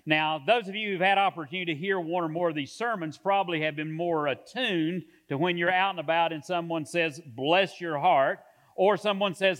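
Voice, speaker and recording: A man with a notably high voice preaches to his congregation. He speaks in measured phrases and stretches out the words he wants to land. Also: fairly bright tone. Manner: measured preaching with drawn-out emphasis. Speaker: pastor. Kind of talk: sermon.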